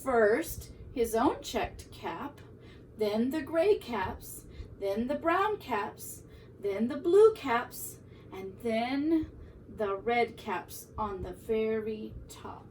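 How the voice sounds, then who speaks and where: A woman teacher reading a picture book aloud to young children in an expressive, animated way. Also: on the high side, extremely slow, distant mic, slight background noise, poor audio. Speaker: preschool teacher.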